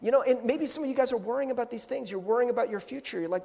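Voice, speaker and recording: Racing along at an extremely high pitch with a gravelly edge, a young adult pastor delivers a casual, joking sermon. He's animated, acts out little voices, and the audio has long hall reverb.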